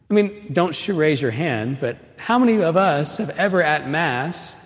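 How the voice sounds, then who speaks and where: A man giving a homily at Mass, telling the story casually with lots of "right?" asides and pushing louder and higher when he stresses a point. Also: animated, normal speed, few pauses. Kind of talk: conversational sermon. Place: church. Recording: long reverb of a church.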